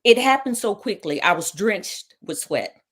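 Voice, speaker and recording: A woman's voice: medium pitch, expressive, unhurried, a bit bright, husky. A woman talk show host telling her own story as a personal testimony, dramatically retelling events and quoting what people said. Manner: dramatic retelling with quoted dialogue.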